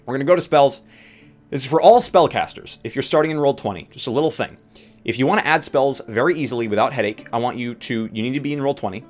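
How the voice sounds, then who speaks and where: A man's voice: mid-range voice, fast. Man giving casual, opinionated game advice. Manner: opinionated, conversational, rambling asides. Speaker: tabletop game player and dungeon master. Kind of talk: casual how-to advice talk. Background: faint guitar music.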